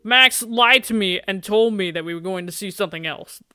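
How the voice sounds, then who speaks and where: A streamer reading a dating game aloud during a live playthrough, animated and jokey, laughing often. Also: medium pitch, moderate pace, smooth, no room sound, studio quality.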